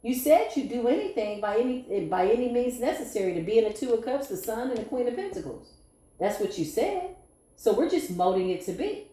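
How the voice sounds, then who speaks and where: A woman's voice: on the high side, sing-song, fairly quick, warm tone, roomy sound. A woman giving a tarot reading to a collective audience, blunt, sassy and playful, with some cursing. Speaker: tarot reader.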